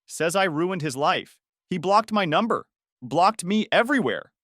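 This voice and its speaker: A man's voice: high voice, lively intonation, a little slow, fairly bright tone, no echo, studio quality, voice pushed up. A man voicing a desperate, manipulative young woman who shrieks and pleads tearfully.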